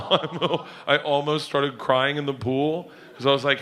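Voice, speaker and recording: A middle-aged man doing stand-up comedy, telling loud, animated stories on a live stage as the audience laughs. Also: mid-range voice, takes it slowly. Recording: live venue with loud crowd noise.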